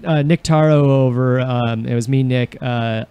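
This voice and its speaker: A man's voice: medium pitch, fairly even intonation, normal speed, dull audio, slight background noise. A man co-hosting an improv podcast, chatting casually and playfully. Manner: playful, tries silly accents. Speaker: podcast co-host.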